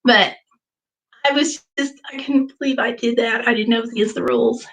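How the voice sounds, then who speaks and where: Lady host on a livestream chatting away, animated storyteller, reads the chat out loud. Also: fairly high pitch, a little fast, rough recording. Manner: animated storytelling, reading chat comments aloud. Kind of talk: casual live chat.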